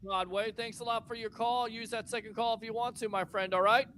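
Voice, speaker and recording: High-voiced man hosting a sports talk stream. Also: a little fast. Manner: relaxed, teasing banter with callers and co-host. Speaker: host.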